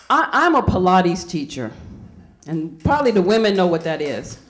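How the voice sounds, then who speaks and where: A woman's voice: on the low side, very animated, moderate pace. A woman from Indiana doing a stand-up comedy set, chatty and quizzing the crowd with questions. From Indiana, USA.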